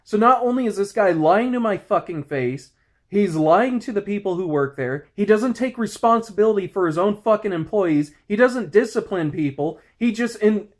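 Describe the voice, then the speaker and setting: Furious swearing man in his thirties, high voice. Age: 30s. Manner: heated, profane ranting. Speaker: security guard. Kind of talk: angry vlog rant.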